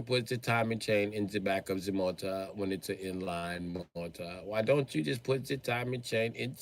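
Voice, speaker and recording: A man on a livestream who rants about cars in a profane, excitable way, now and then bursting into a shout. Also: lowish voice, normal speed, few pauses, no echo. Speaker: livestreamer and car mechanic. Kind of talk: profane ranting livestream chat.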